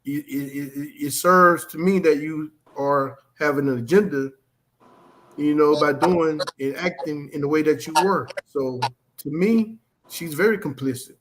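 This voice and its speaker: Halting, stammering man on a live stream. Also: fairly high pitch, a bit bright, slight background noise. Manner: halting, restarts his words often.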